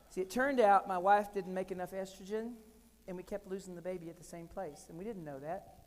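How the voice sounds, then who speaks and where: A man in his forties giving a keynote talk, telling comic, animated stories with sudden loud punchlines. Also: sits high, fast talker. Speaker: keynote speaker. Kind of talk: storytelling keynote speech. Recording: long hall reverb.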